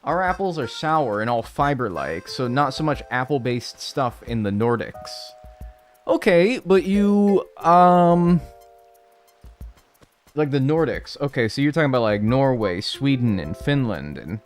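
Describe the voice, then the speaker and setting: A man's voice: medium pitch, very animated, unhurried, faint music behind. A man in his twenties, a game streamer chatting casually with live viewers in a rambling, joking way. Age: 20s. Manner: rambling, joking, full of filler "like".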